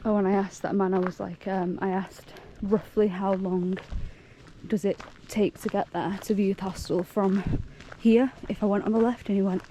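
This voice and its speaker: A woman's voice: medium pitch, flat delivery, moderate pace, mellow, slight background noise. A young woman chatting casually to camera as a hiking vlogger outdoors, rambling and laughing often.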